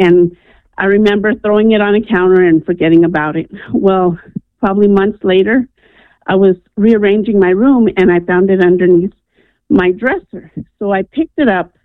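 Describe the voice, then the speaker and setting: Here a caller from New Mexico, a woman of medium pitch, gives earnest testimony on a radio show about something personal, often pausing on "um." Her phone line comes through tinny and dry, without any room sound.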